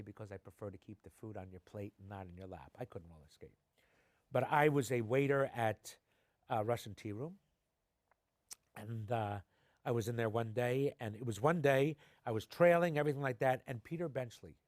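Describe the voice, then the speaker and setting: A middle-aged man, an actor and a guest in a TV studio interview, telling his stories with energy. His voice sits at an ordinary pitch. The sound is dry and close. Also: normal speed, no room sound. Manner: animated anecdotes, acting out quoted voices. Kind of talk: conversational storytelling. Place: television studio.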